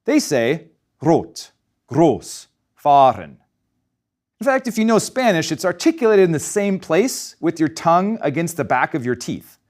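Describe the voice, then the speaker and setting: A man gives a scripted German pronunciation lesson. His voice sits a bit high and swings widely in pitch, which keeps it lively. He slows down to demonstrate each sound clearly. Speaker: German language teacher.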